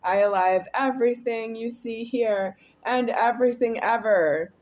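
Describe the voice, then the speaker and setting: Woman video creator, unhurried and rambling, talking solo to camera in repeating loops. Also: fairly high pitch. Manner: rambling, repetitive, swings between quiet and raised.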